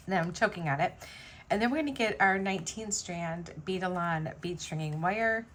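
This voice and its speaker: Her pitch is fairly low, and slight background noise runs under the recording. She's a vlogger beading jewelry at home, rambling casually with many fillers.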